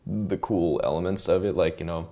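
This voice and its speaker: A man explaining how he built a song in casual studio talk, animated and humming parts out loud to show them. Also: sits low, moderate pace. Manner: animated, hums and vocalizes parts to demonstrate. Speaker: songwriter and producer. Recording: loud music playing under the voice.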